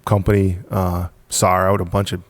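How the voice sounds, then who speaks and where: Podcast guest, male, gravelly low register, punchy repetitive storyteller, dry close sound. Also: level tone, moderate pace, dry recording. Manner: emphatic, repetitive, punchy storytelling with frequent laughs. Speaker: podcast guest, business founder. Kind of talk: casual storytelling in conversation.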